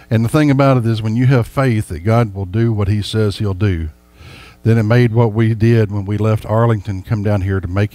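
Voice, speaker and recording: A man's voice: lowish voice, dark tone. A man preaching a sermon as a pastor, folksy and emphatic, speaking straight to his congregation.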